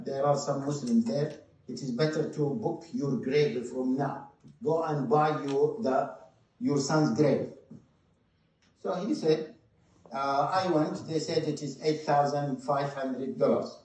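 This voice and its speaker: A man preaching a sermon, telling a story with passion, shifting between loud stresses and hushed moments. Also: a little high. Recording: very echoey hall, mic at a distance.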